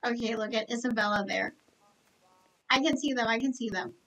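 A woman live-streaming a game, chatting to viewers in an excitable, gushing way full of gasps and exclamations. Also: on the high side, fairly quick, distant mic, low-quality recording.

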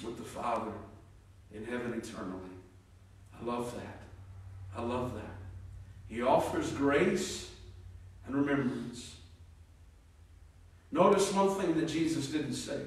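A man preaching a sermon as pastor, moving between loud, emphatic passages and hushed, low ones, and reading scripture in a measured, deliberate cadence. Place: church sanctuary. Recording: very echoey room, distant mic.

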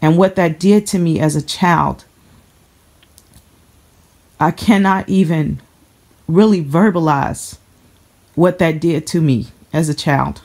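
A woman from the Chicago area giving a personal testimony to camera, earnest and halting, often repeating herself as she holds back emotion. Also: low-pitched, darkish tone.

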